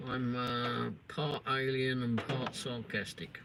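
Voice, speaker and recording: Slow-talking sarcastic English man. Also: medium pitch, flat delivery, gravelly. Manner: sarcastic, swears and teases trolls. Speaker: livestream host. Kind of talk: casual chat replying to live comments. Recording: noisy live stream audio.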